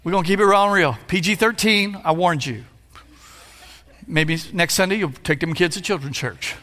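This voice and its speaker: A man in his fifties, a pastor, preaching a playful sermon that builds to shouts. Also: high-pitched, moderate pace, a little hiss or hum. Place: church sanctuary. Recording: long hall reverb.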